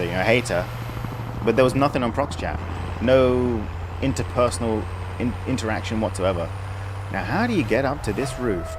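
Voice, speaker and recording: Wry, rambling young male streamer. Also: lowish voice. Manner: wry, rambling, self-amused. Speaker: game streamer. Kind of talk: casual gameplay commentary. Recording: game sounds and noise behind.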